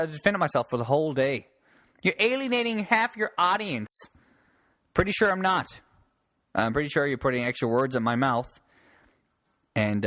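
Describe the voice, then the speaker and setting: A man from Newfoundland talks loosely and profanely on his own podcast, joking his way from one tangent to the next. His pitch swings widely as he rants. The sound is dry and close, with no room around it. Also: a bit bright, dry recording. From Newfoundland, Canada. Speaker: podcast host and stand-up comic. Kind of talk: casual solo podcast rant.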